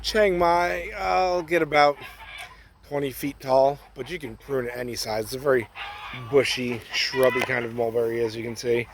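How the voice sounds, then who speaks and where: Casting: easygoing male grower, mid-pitched, chatty walk-and-talk by his trees, clucking hens and a crowing rooster clearly heard behind him. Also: moderate pace. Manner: relaxed and chatty, often munching berries while talking. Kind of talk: casual garden vlog. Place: outdoors among fruit trees on his property. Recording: outdoor noise with chickens and a rooster.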